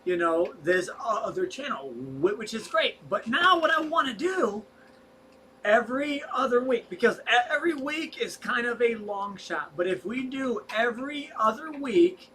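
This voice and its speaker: High bright-voiced man, off-mic. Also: very animated, moderate pace, distant mic, poor audio. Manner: rambling, restarts often, stretches words when stressing them. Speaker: co-host of a fish rescue livestream. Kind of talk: casual livestream chat. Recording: set back from the mic, faint background noise.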